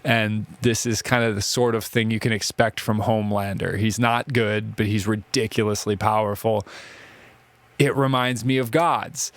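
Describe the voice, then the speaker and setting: A man's voice: fairly low pitch, steady tone, normal speed, fairly bright tone, dry recording. A man giving a casual classroom ethics lecture, chatty and conversational, often checking in with "right?". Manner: chatty, conversational, uses filler words like "right?" and "like".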